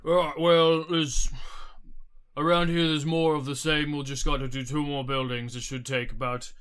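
Man doing a gentle, halting giant-kin laborer. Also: a little high, level tone, clear, resonant tone, lightly acted. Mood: friendly. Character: big gentle male firbolg laborer.

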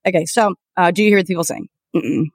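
A woman's voice: fairly low pitch, fairly even intonation, quick pace, dry recording, clean studio sound. A woman co-hosting a podcast in casual chat, rambling, restarting her sentences and giggling. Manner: rambling, giggly, self-interrupting. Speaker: podcast co-host.

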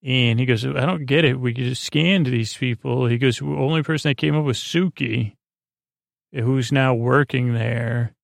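A man hosting a sleep podcast, retelling an episode in a halting, deadpan way, full of fillers and "he goes, she goes.". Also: mid-range voice, vocal fry, dry recording, studio quality. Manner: flat, deadpan delivery. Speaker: podcast host. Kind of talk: rambling episode recap for falling asleep.

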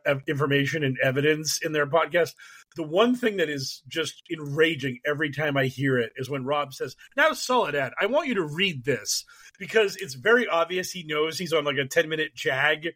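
A man's voice: on the high side, a bit bright. A man co-hosting a podcast in casual chat, rambling and mocking, breaking into silly impressions with many restarts. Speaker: podcast co-host.

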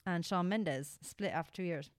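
A young Irish woman chatting on a podcast, her voice sitting a little low. She talks in an animated, casual way and swears freely. The sound is dry and close to the mic. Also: normal speed, no room sound. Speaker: podcast co-host. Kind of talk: casual chat.

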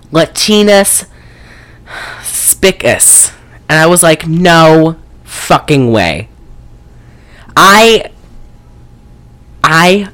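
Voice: mid-range voice, fairly bright tone. A podcast co-host recapping a movie in a casual, rambling way, full of swearing and fillers. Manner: profane, rambling, frequent fillers.

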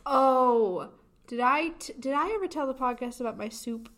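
A young woman co-hosting a podcast, telling a story in an animated way and laughing as she goes. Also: high voice, normal speed. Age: young adult. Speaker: podcast co-host. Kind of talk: casual chat.

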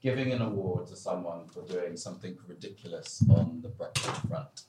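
A man's voice: low voice, moderate pace, very noisy. A young man co-hosting a podcast, opening the show casually with jokes. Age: young adult. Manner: animated, joking. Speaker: podcast co-host. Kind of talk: casual chat.

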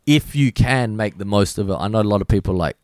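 An Australian man speaking as a guest DJ in a casual podcast interview, relaxed and slangy, swearing freely. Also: on the low side, fast, dry recording, studio quality. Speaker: guest DJ and producer.

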